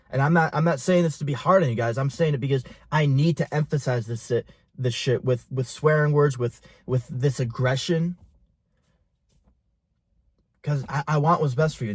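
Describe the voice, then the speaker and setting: A young man in a small, dry room talks straight at the listener like a coach pushing a client. His mid-pitched voice is blunt and full of swearing, and he urges change hard and without letting up. It is a close, dead recording with no room sound around it. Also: darkish tone, no room sound. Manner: intense, profane, pushy motivational talk. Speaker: fitness and business coach. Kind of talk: motivational talk to camera.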